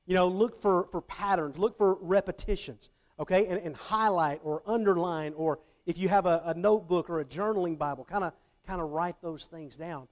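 A man's voice: high-pitched, moderate pace. A middle-aged man giving a conversational Bible teaching talk. He checks in with his listeners often and repeats words as he restarts phrases.

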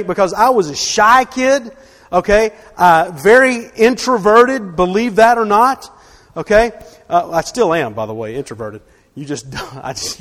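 A man in his forties delivers a sermon in a noticeably high voice, with a long reverb trailing every line. He tells personal stories in a casual, conversational way and keeps checking in with "okay?". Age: 40s. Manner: storytelling with frequent "okay?" check-ins. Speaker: pastor.

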